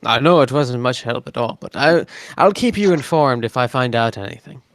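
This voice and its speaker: A man voicing a wary male underworld informant with a Northern Irish accent, talking in guarded, halting phrases during a tabletop game. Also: mid-range voice, expressive, dry recording, lightly acted. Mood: hedging. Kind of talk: tabletop game role-play.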